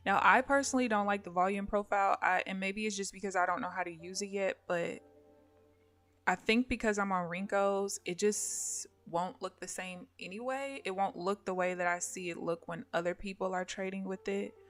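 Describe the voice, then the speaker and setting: A woman's voice: mid-range voice, brisk, soft background music. A woman day trader talking casually and thinking aloud during a live stream from home. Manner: relaxed, rambling, thinking aloud.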